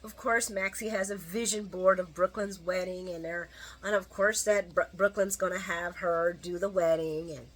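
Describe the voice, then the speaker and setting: A middle-aged woman talks through a daytime soap recap in a loose, chatty way, full of "um"s and side comments to her viewers. Her voice is bright and forward but breathy at the edges. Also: lowish voice, steady tone, moderate pace. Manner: chatty and opinionated, with frequent fillers and asides to viewers. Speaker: soap opera recap host. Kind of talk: casual solo recap commentary.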